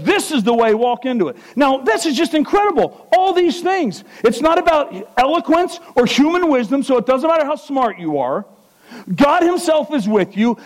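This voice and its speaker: A high-voiced man preaching a sermon. He rises to loud, ringing exclamations, then sinks into quiet, low-pitched earnestness. He keeps putting questions to the congregation. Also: rough recording.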